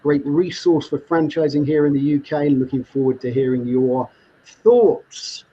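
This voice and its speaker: A man's voice: fairly high pitch, normal speed, slight background noise. A man hosting a live online show, welcoming guests and reading viewer comments with frequent laughter. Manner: reads viewer comments aloud, laughs often. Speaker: host. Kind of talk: upbeat live show chat. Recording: muffled lo-fi online stream audio.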